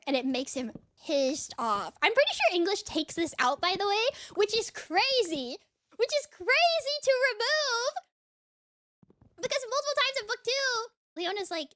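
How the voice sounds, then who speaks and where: A woman streamer chatting casually, excitedly rambling through a story recap with lots of fillers. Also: extremely high pitch, normal speed.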